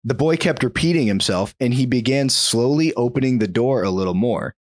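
A man's voice: mid-range voice, brisk, no echo, studio quality. A man hosting a podcast, telling a spooky story in a casual way and chuckling now and then. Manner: animated, chuckles while telling a spooky tale.

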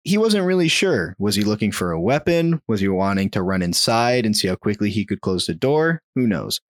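A man relates a creepy tale to his co-hosts in an easy, chatty way. His pitch rises and falls a lot, and he laughs lightly between beats. The sound is dry and close, with no room echo. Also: fairly quick. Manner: animated, chuckles while telling a spooky tale. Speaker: podcast host telling a story. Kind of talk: casual storytelling.

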